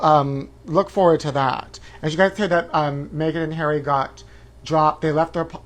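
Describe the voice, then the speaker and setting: Campy flamboyant male talk host. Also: a little high. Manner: campy, flamboyant, calls viewers honey, shrieks woo. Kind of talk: live-stream chat show.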